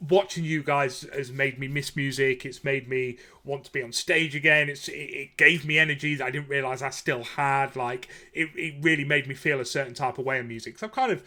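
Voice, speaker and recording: Man, thirties, podcast host, bright forceful voice, rambling casual chat. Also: medium pitch. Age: 30s. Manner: rambling and enthusiastic, with frequent fillers and laughs.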